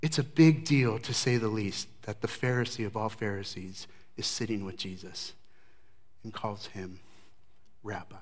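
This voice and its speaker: A man preaching a sermon verse by verse, emphatic, with his voice swinging from loud declarations to hushed remarks. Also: fairly low pitch, fairly even intonation, measured pace. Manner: emphatic, varies loudness widely, drops to hushed tones. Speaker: pastor. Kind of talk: expository sermon.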